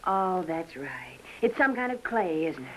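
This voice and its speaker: An actress playing a spirited, exasperated American wife, in 1950s TV drama style. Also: female voice, lowish voice, a little slow, background noise. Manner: exasperated and lively.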